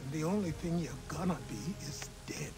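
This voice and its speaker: Brief: male actor as a stern, scornful older man, video game, higher voice. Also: lively intonation, brisk, natural voice. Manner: curt, scornful, commanding. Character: gruff hostile old man, curt mentor. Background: game music.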